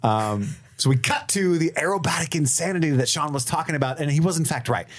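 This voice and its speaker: A man's voice: a little high, expressive, fairly quick. A man co-hosting a podcast in casual chat, recapping a movie with wry, profane remarks. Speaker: podcast co-host.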